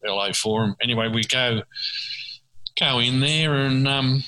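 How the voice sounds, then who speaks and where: A man's voice: mid-range voice, a little slow, bright, forceful tone, rough recording. An Australian man telling rambling anecdotes in casual chat, often repeating words as he goes. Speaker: guest storyteller.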